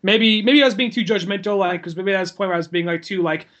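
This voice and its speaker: A man's voice: high-pitched, quick pace, a bit bright, muffled recording. A man co-hosting a podcast, chatting casually about movies with dry, wry humor. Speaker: podcast co-host. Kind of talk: casual chat.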